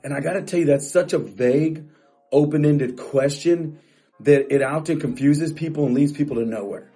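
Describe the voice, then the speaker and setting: A man's voice: a little high, moderate pace, mellow, slightly rough, faint music behind. A middle-aged man coaching real estate agents in a motivational talk, emphatic and repetitive, often restarting phrases.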